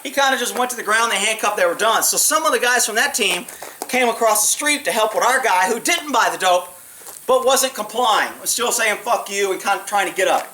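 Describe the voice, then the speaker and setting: Blunt, bright-voiced man telling cop stories. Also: high-pitched, brisk, slight background noise, low-quality recording. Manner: blunt, profane, animated retelling with acted quotes. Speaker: former police officer telling stories. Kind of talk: casual storytelling monologue.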